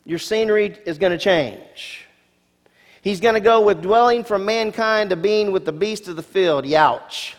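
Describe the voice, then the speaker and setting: A male pastor with a high-pitched voice delivers a sermon at normal speed, reading scripture aloud as an expressive preacher. He puts rising emphasis on key words and makes casual asides to the congregation, all in long hall reverb.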